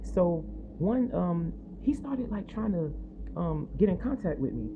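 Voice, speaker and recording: A woman's voice: fairly low pitch, unhurried. A woman vlogger telling a personal testimony in a chatty, rambling, half-whispered way, recorded on a phone at home. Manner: rambling, chatty, animated, quotes others in her retelling. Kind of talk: casual storytelling, half-whispered. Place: own apartment building. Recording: tinny phone-like audio with faint noise.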